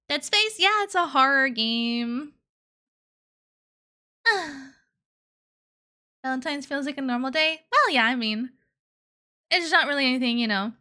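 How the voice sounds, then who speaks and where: A woman's voice: sits high, expressive, slow pace, pauses often, bright, forceful tone. A young woman streaming live, chatting casually and playfully with her chat, giggling and slipping into cutesy baby talk. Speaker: VTuber streamer.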